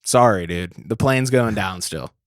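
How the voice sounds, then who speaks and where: A man hosting a podcast, riffing in casual comedy chat with loud laughs. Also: fairly low pitch, unhurried, dry recording, clean studio sound. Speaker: podcast host.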